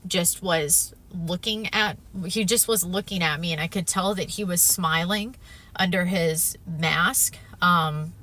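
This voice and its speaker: Earnest bright-voiced woman testifying. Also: lowish voice, takes it slowly. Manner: earnest, emphatic, with frequent "um" and "if you will". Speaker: storyteller sharing a near-death experience. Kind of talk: personal testimony.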